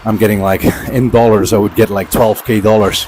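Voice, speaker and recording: A man's voice: fairly low pitch, fairly even intonation, brisk, darkish tone, faint music behind, low-quality recording. A man casually telling a rambling story while cycling on an indoor trainer, slightly out of breath. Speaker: vlogger. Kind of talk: casual storytelling during a workout. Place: indoor training setup at home.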